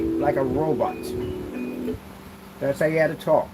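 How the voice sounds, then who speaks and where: A man's voice: fairly high pitch, fairly even intonation, a little slow, long pauses, noisy background. A man hosting a casual product demo vlog, rambling loosely with asides as he shows projection screens. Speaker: channel host demonstrating projection screens.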